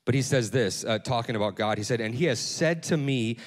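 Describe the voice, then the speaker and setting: A man's voice: mid-range voice, a little fast, few pauses. A male pastor giving a casual, conversational sermon, often repeating words and asking "right?". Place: church hall. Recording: long church hall reverb.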